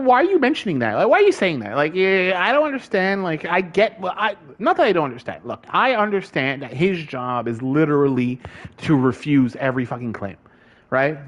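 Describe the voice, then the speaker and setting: An exasperated man rants with a slightly raised pitch in a casual vlog. He swears freely and keeps breaking into laughter. His talk runs loose and conversational, full of fillers and sudden jabs. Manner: exasperated, profane, laughing often. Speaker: vlogger. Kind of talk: casual ranting chat.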